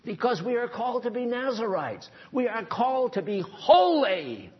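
A man delivers a sermon in a fairly high, husky voice. He talks emphatically and sternly, breaking into casual asides. The recording sounds dull and lo-fi. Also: big pitch swings, moderate pace. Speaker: preacher.

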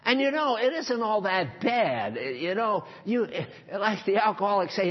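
The sermon comes from a man with a fairly high, husky voice who swings widely in pitch and talks at a measured pace with few pauses. He preaches emphatically and sternly, breaking into casual asides, on a dull, lo-fi recording.

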